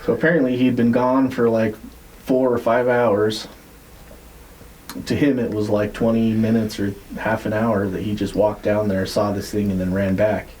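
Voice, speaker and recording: A man with a somewhat low, warm and mellow voice tells a story on a podcast. He talks loosely, rambling with plenty of "like" and the odd curse word. A faint background hiss sits under the recording. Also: level tone, moderate pace, low-quality recording. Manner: loose, rambling retelling with frequent "like" and swearing. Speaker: podcast host. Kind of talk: casual storytelling.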